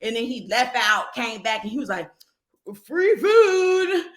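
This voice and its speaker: A woman co-hosting a podcast, telling a story in casual chat, animated and profane, acting out the people she quotes. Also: on the high side, a little fast. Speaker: podcast co-host. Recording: echoey room.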